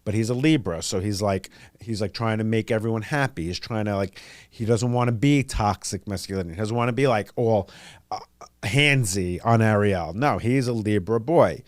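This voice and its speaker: A man hosting a podcast, rambling casually with lots of fillers and an animated delivery. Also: fairly low pitch, moderate pace, dry recording, studio quality. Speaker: podcast host. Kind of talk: casual chat.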